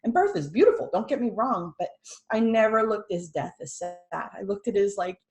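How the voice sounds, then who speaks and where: A middle-aged woman from the United States, a podcast guest telling a personal story in an earnest way, hushed at times and laughing and excited at others. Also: medium pitch, moderate pace. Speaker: podcast guest sharing a testimony.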